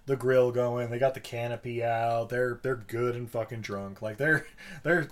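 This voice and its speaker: A man's voice: medium pitch, fairly even intonation, a little slow. A man co-hosting a podcast, recapping a movie in casual chat, rambling and swearing with jokes. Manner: rambling, profane, joking. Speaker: podcast co-host.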